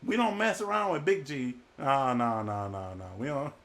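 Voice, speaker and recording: A man's voice: medium pitch, big pitch swings, normal speed, fairly bright tone, voice pushed down. A male preacher voicing frightened sailors who scold a runaway passenger, exasperated and colloquial.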